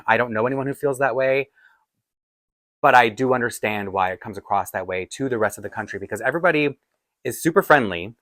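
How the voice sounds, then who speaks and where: A man's voice: fairly low pitch, fairly bright tone, dry recording. A man, from Toronto, chatting casually in a rambling, self-deprecating way as a doll collector vlogger. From Toronto, Canada. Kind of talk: casual chat.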